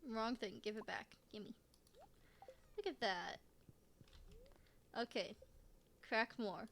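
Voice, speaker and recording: A woman's voice: on the high side, slow, gravelly, a bit bright, slight background noise. A woman streamer giving casual let's-play commentary, rambling to herself with frequent restarts and giggles. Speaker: game streamer.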